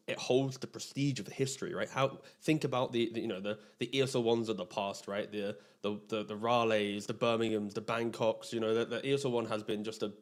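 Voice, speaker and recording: A man giving casual, filler-heavy analysis on an esports studio broadcast. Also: on the low side. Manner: casual, chatty with many fillers.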